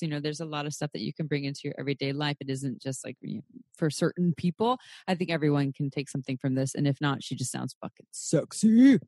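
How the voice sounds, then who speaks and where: A young adult woman hosting a podcast in casual chat, animated and cursing, her pitch jumping sharply. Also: dry recording, clean studio sound. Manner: animated, swearing, quick pitch jumps. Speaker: podcast host.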